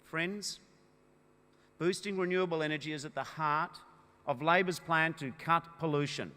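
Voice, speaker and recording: A high-voiced Australian man addresses delegates in a large conference hall, his voice sharp and forceful as it rings through long reverb. He speaks in emphatic oratory that swells into loud, punchy declarations. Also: moderate pace. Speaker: political party leader. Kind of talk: rousing political conference speech.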